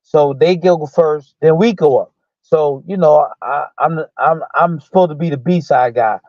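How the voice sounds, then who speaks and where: Storytelling ex-boxer, higher-pitched man. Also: measured pace, no room sound. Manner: animated retelling that acts out quoted dialogue; loose speech with many restarts and fillers. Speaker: guest, former boxer. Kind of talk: casual storytelling. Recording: dull lo-fi dry sound.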